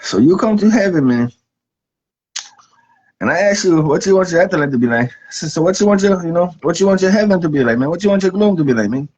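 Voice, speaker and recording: A man's voice: sits high, expressive, quick pace, darkish tone. A man voicing God as a laid-back regular guy who swears a lot and keeps saying "man". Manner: casual, profane, ends lines with "man". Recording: dull lo-fi recording.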